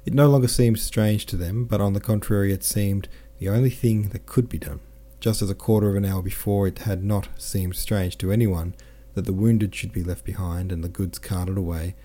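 A man's voice: sits low, fairly even intonation, normal speed, few pauses, warm tone. A man narrating a classic novel aloud, reading the dialogue with mild shifts in tone for each character. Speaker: audiobook narrator.

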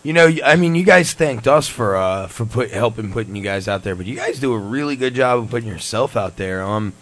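A man's voice: medium pitch, expressive, a little fast, fairly bright tone. A man hosting a podcast in casual chat, laid-back and joking, with lots of fillers. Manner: laid-back, laughs often, rambling fillers. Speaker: podcast host.

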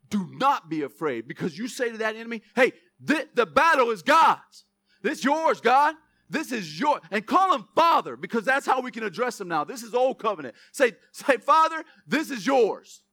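A young man preaching a sermon as pastor, swinging between loud, emphatic preaching and self-mocking jokes. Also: very high-pitched, dry recording.

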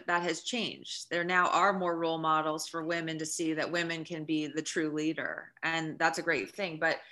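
A woman's voice: fairly low pitch, pushed and bright. A woman guest author in a podcast interview, explaining earnestly and emphatically with examples.

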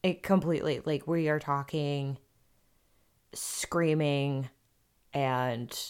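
A woman with a low-pitched voice hosts a solo podcast. She talks in an earnest, conversational way, sharing parenting advice drawn from raising her own kids. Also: steady tone, takes it slowly, darkish tone, clean tone. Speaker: podcast host.

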